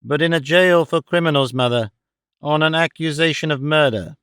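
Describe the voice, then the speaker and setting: A man's voice: on the high side, normal speed, a bit bright, clear, resonant tone, dry recording, studio quality, lightly acted. A male audiobook reader voicing an earnest, troubled grown son who speaks in a pleading way. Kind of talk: audiobook character voice.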